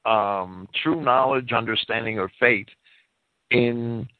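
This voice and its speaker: A man's voice: mid-range voice, slow pace, dry recording. A man speaking over a headset as a co-host. He is sneezing and coughing, and agrees eagerly with repeated restarts. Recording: dry tinny phone-like line.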